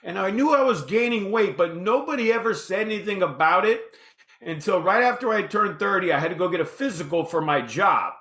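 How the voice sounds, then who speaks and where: A lively man in his fifties, a podcast guest who tells his story casually and acts out the dialogue himself. His voice is bright and somewhat high for a man. It rings in a roomy, echoey space. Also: a little fast.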